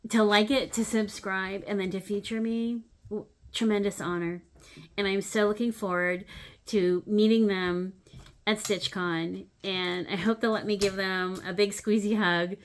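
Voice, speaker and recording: Middle-aged woman, hobby vlog host, casual and animated, soft asides, lots of "um"s. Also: mid-range voice. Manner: animated storyteller, swings between loud acted-out moments and soft asides; chatty with frequent "um" fillers. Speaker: needlework channel host.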